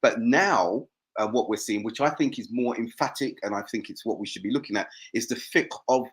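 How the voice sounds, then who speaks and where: Measured man, earnest co-host. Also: medium pitch, breathy edge. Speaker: podcast co-host. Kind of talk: casual discussion.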